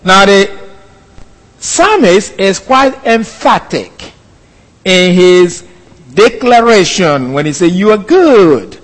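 A male pastor preaching a sermon with slow, emphatic, deliberate delivery. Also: high voice, expressive, fairly bright tone. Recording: long hall reverb.

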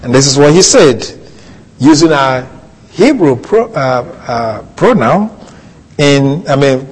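A man preaching a Bible teaching sermon, slow and deliberate, lingering on key words. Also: medium pitch, big pitch swings, breathy edge. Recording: long reverb of a hall.

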